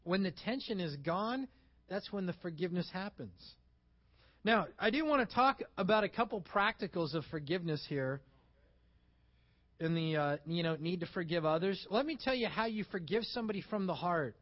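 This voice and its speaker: High-voiced animated male preacher. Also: normal speed, highs cut off. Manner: animated preaching, acting out little dialogues. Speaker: pastor. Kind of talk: sermon.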